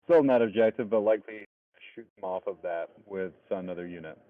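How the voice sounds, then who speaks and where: A man's voice: fairly low pitch, fairly quick. A man giving laid-back, dry live commentary on a tabletop wargame, laughing often. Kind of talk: casual live game commentary. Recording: tinny phone-like line.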